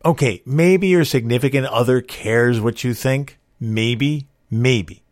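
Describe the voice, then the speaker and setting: A man hosts a monologue of everyday advice, making his points emphatically and firing off rhetorical questions. His voice sits at an ordinary middle pitch. The recording is dry and close, with no room sound. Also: normal speed, darkish tone, no echo. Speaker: host.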